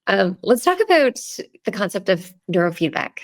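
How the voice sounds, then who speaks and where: A woman's voice: mid-range voice, big pitch swings, moderate pace, dry recording. A woman hosting a wellness podcast, asking questions between frequent affirmations. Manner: warm affirmations, frequent yeahs and ums. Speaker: podcast host. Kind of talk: interview conversation.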